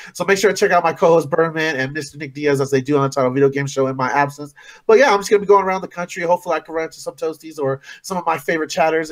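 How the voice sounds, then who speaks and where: Quick-talking excitable male podcast host. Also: a little high. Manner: excited, swearing, storytelling. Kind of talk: casual late-night chat.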